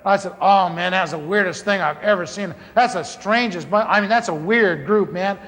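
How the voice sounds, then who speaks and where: A man telling a comic story from the pulpit, acting out the dialogue in a lively way. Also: sits high, moderate pace. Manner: animated, comic, acts out dialogue. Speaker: preacher telling his conversion story. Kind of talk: storytelling sermon. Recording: large hall reverb, faint ambience.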